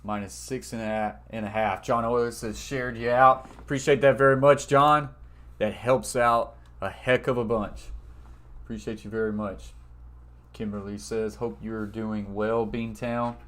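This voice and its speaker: Male stream host reading chat and thanking viewers, easygoing, perks up loudly for donations. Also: on the low side, measured pace. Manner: reads chat messages aloud and thanks viewers, gets loud and excited over donations. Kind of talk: casual live-stream chat reading comments.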